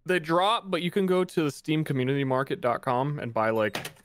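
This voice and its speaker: A man's voice: a little high, expressive, normal speed, slight background noise. A man in a gaming voice chat giving helpful, matter-of-fact advice.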